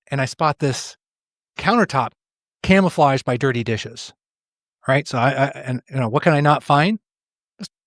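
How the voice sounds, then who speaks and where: A man's voice: mid-range voice, dry recording. Middle-aged man, a coach telling a story over a dry mic. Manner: repeats words while telling a personal story, often voicing the people in it. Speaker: executive coach, guest. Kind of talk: conversational interview storytelling.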